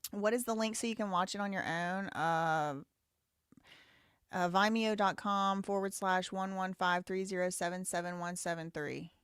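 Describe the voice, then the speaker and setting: A woman's voice: fairly low pitch, fairly even intonation, moderate pace, fairly bright tone, clean tone, no room sound. Outspoken woman host, live commentary, hot-tempered and profane, dry close sound. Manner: heated, blunt and profane. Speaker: show host.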